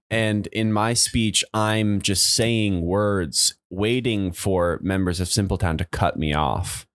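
A man's voice: on the low side, no echo, clean studio sound. A young adult man, a comedian and podcast co-host, chatting casually, laughing often and restarting his sentences. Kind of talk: casual chat.

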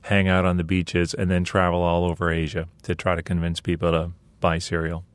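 A man's voice: deep voice, completely flat delivery, fairly quick, clear, resonant tone, no echo. A middle-aged man from Scotland, a guest in an interview, talking with dry, self-deprecating wit. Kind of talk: casual interview talk.

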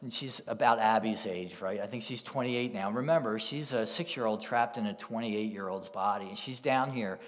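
A man's voice: fairly low pitch, moderate pace, few pauses, in a large hall. A man preaching a sermon as a pastor, telling a story in a conversational way. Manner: storytelling, conversational with "you know" asides. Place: church.

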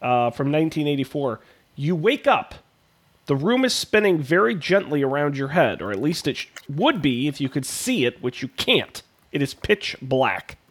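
A man's voice: fairly high pitch, very animated, normal speed. A man with a cold, co-hosting a podcast over a video call and reading a text adventure game aloud with playful emphasis. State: has a cold. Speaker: podcast host.

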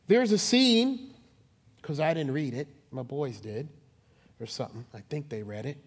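A man preaching a sermon in a lively, conversational way with dramatic emphasis. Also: high voice, a little slow. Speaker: pastor. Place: church sanctuary.

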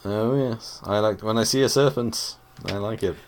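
A man's voice: lowish voice, moderate pace, a little mellow. A man hosting a casual gaming podcast in a playful, enthusiastic way. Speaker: podcast host. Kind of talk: casual chat.

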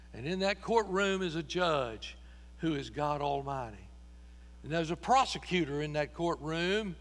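Impassioned preacher in an echoey church. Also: male voice, a little high, fairly bright tone. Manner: impassioned storytelling with repeated phrases. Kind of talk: sermon. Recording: echoey hall with mains hum.

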